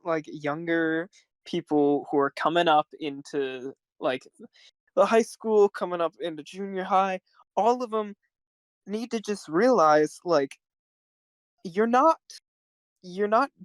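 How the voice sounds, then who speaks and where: A young man in his teens co-hosting a casual podcast, talking in a rambling, halting way with many fillers. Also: sits high, clear, resonant tone, dry recording. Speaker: podcast co-host. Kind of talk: casual chat.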